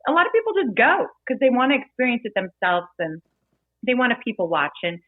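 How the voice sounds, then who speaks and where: A woman bartender telling lively, playful stories as a guest in a casual interview. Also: fairly high pitch, brisk, no room sound. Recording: dry phone-like audio.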